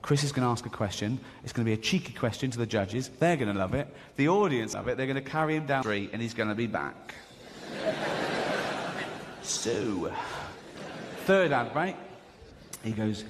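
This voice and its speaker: A man doing stand-up, telling a story in an animated way and acting out other people's voices. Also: medium pitch, moderate pace, pauses often, slight background noise. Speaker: stand-up comedian. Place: comedy stage. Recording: live stage, hall reverb, faint ambience.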